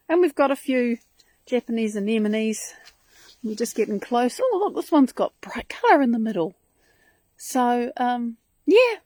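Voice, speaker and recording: Woman host, higher voice, chatty garden tour on a live stream, dry close sound, outdoors on a phone. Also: dry recording. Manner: chatty, rambling and enthusiastic. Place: outdoors in her front garden.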